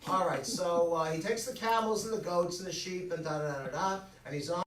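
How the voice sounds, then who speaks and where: A man preaching a humorous, conversational sermon as the rabbi at Friday night services, trading jokes and quick asides with the congregation. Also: sits high, a bit bright, slight background noise. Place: synagogue sanctuary. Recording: echoey hall, mic at a distance.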